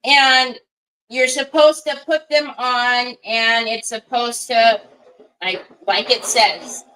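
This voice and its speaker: Bright-voiced, unhurried woman craft host. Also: a little high, fairly even intonation, clean tone, low-quality recording. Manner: rambling, chatty storytelling with many asides; soothing baby talk to a small child. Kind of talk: casual chat while crafting.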